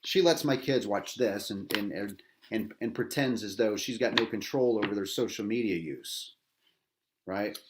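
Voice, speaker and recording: A man's voice: on the low side, moderate pace, background noise. A middle-aged man, a veteran host, angry and agitated, delivering a bitter, profane rant full of repetition and rhetorical "right?" tags.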